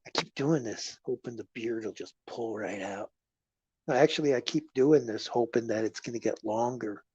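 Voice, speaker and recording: A man hosting a casual livestream, rambling through stories with animated swings between loud remarks and murmured asides. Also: medium pitch, moderate pace, breathy edge, no room sound. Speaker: livestream host. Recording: dull lo-fi livestream audio.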